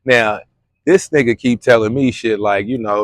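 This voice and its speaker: A man's voice: mid-range voice, moderate pace, fairly bright tone, no echo. A young man from Kentucky, vlogging outdoors at a spring on a phone camera, talking in a loose, slangy, rambling way. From Louisville, Kentucky. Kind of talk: casual vlog chat.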